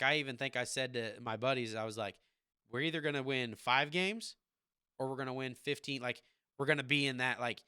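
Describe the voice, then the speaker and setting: A man's voice: mid-range voice, clean tone, no echo, clean studio sound. Rambling man talking football. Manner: rambling, animated football fan. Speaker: podcast host. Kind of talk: casual sports chat. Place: home basement man cave.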